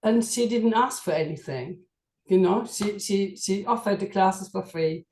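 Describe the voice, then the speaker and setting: A woman giving a halting, emotional tribute at a memorial meeting, her voice shaky with feeling. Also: mid-range voice, a little mellow, roomy sound. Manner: halting, emotional, many fillers. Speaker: qigong student at a memorial meeting.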